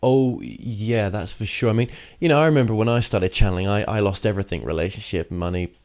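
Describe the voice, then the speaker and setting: A host in a casual interview, responding with brief, soft asides and reflections of their own. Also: sits low, fairly quick. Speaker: podcast host.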